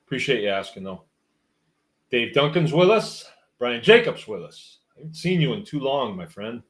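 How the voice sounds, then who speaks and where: A man's voice: medium pitch, sing-song, normal speed. A man hosting a livestream, reading out viewer comments and musing in a rambling, wry, casual way. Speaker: host.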